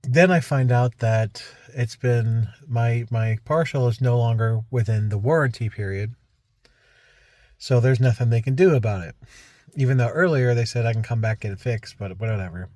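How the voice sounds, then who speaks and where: A man's voice: mid-range voice, moderate pace, darkish tone, no room sound, clean studio sound. A man talking casually to camera in a rambling vlog, recounting a frustrating week with many restarts and asides. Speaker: vlogger.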